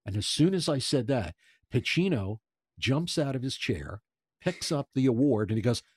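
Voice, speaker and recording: A man in his sixties telling a lively story as an interview guest, stumbling and repeating words as he gets excited. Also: medium pitch, moderate pace, husky, no echo, clean studio sound. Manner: animated storyteller, stammers and repeats. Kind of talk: casual anecdote telling.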